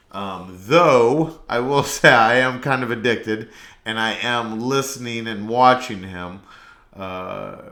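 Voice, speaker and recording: A man with a somewhat low voice hosts a solo podcast in a relaxed, meandering monologue. He rambles from one thought to the next. His voice rings in a roomy, echoey space. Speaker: podcast host. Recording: echoey room.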